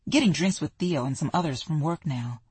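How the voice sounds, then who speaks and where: An audiobook narrator voicing a warm, affectionate young woman, in a breathy tone. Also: medium pitch, animated, fairly quick, dry recording. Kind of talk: audiobook character dialogue.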